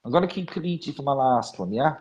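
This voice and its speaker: A male radio host who reads rhyming poems with softly trailing line ends, then chats in a self-mocking way between readings. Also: medium pitch, animated, fast talker, muffled recording. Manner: soft, trailing ends of lines. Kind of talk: reading rhyming poetry and chatting.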